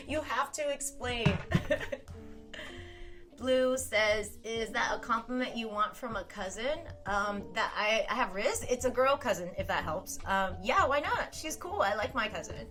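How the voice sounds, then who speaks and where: A young woman chats on a live stream and reads viewer comments aloud. Her tone is bright and lively, and she laughs easily and swears without thinking. Faint music plays in the background. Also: a little high. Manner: chatty, laughs often, swears casually. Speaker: streamer reading chat. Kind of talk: casual live-stream chat.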